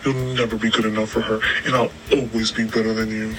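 A man voicing a weakened but defiant young man in an audio story, quiet and bitter. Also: lowish voice, level tone, fast talker, a crowd in the background, natural voice, rough recording. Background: background music.

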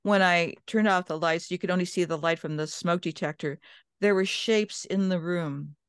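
Woman guest, smooth voice, dry close sound, chatty storytelling with restarts. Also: fairly low pitch, moderate pace, dry recording. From Minnesota. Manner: chatty, many restarts and quoted inner thoughts. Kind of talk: casual interview storytelling.

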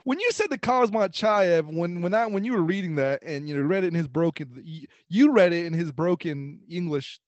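A man's voice: high-pitched, lively intonation, fairly quick, hardly any pauses, dry recording, dull audio. A man co-hosting a podcast in casual chat, rambling with frequent laughs and restarts. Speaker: podcast co-host.

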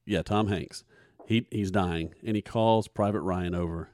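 A man's voice: sits low, steady tone, a little slow, darkish tone. A man hosting a faith podcast, talking earnestly and preachily, often repeating his words as he builds a point. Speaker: podcast host. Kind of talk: casual faith podcast talk.

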